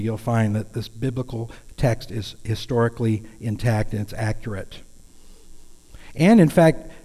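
A man's voice: mid-range voice, a little mellow. A man preaching a sermon in a church, earnest and conversational, now and then raising his voice for emphasis. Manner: earnest, conversational preaching with sudden raised calls. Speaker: pastor. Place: church sanctuary. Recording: long hall reverb.

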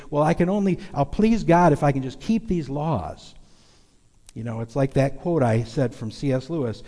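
A man's voice: a little high, mellow, long reverb tail. A man pastor giving a folksy, conversational sermon in a church sanctuary, talking openly to the congregation. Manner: folksy, conversational, confessional preaching.

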